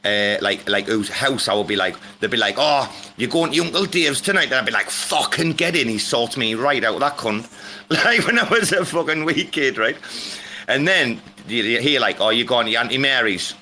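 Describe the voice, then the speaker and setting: A man's voice: mid-range voice, animated, fairly quick, bright, forceful tone, slight background noise. A young man hosting a casual chat, rambling through stories and swearing freely. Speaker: host.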